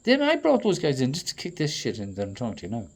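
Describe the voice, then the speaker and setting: A man in a profane, rambling monologue that swings between loud outbursts and low muttering. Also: wildly swooping pitch, fast, husky. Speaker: traveling performer.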